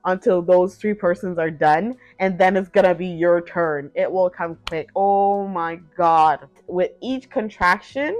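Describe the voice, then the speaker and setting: A woman's voice: on the low side, measured pace, hardly any pauses. A woman vlogger telling a personal story in a casual, chatty way, full of fillers and acted-out quotes. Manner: chatty, filler-heavy, acts out quoted lines. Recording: dull lo-fi sound.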